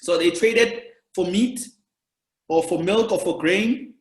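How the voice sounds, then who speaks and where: High-voiced South African man. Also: slow. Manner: rambling storyteller, explains history at length. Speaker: podcast host, comedian. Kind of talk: casual podcast chat. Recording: roomy echo.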